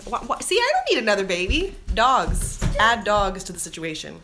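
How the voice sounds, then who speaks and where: A woman's voice: medium pitch, huge pitch swings, normal speed, fairly bright tone, faint music behind. A Canadian woman in her thirties talking to camera in a casual, scattered vlog chat, laughing easily as she goes. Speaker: vlogger.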